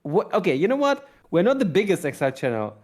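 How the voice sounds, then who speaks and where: Excitable Russian-accented male podcast host. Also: sits high, fairly quick. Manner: energetic, repeats words, stumbling restarts. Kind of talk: casual tech podcast chat.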